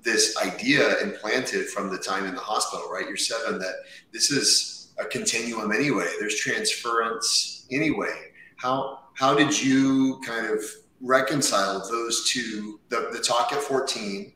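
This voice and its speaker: Male podcast host, inquisitive, interjecting, lower pitch, distant mic, faint background hum. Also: a little slow, sharp tone, reverberant. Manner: curious, interjects with follow-up questions. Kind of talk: interviewer conversation.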